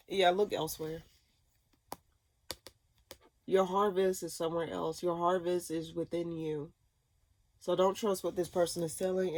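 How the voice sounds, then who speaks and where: A woman's voice: on the low side, darkish tone. A woman doing a casual tarot reading, blunt and profane, given to ranting. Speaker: tarot reader.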